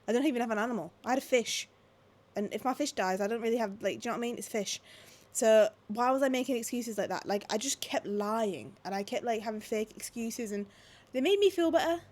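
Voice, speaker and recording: Woman in her 20s, at-home vlog rant, sweary and animated, voice on the high side. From England. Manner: swearing, animated, fast-shifting, lots of "like". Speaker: vlogger. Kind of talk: casual ranting monologue. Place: at home, indoors.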